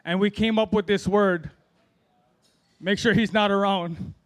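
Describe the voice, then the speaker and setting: This amateur comic, a middle-aged Hawaiian man, has a voice that sits high with fairly even intonation, a measured pace, and a clean tone. His open-mic set wanders loosely, with self-deprecating jokes and plenty of fillers.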